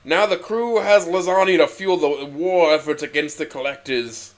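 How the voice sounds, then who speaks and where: A man's voice: on the high side, moderate pace, voice pushed up, close to an everyday voice. A man voicing a shadowy male commander who exclaims his praise. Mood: approving. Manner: loud, exclaiming.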